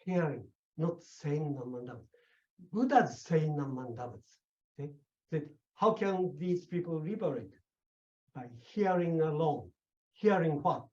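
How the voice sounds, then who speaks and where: A man's voice: fairly high pitch, warm tone. Emphatic man lecturing, dull lo-fi sound. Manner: emphatic, repeats "okay?" and "see?" to check understanding. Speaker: Buddhist teacher. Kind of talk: lecture on a Buddhist sutra. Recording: dull lo-fi recording.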